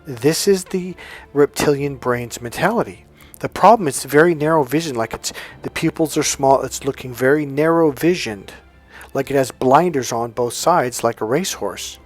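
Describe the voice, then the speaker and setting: A man coaching on self-help, telling a personal story in a casual, animated monologue, often restarting his sentences. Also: medium pitch, normal speed, faint music behind. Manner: animated storytelling, breaks into loud acted-out dialogue; frequent restarts and stumbles.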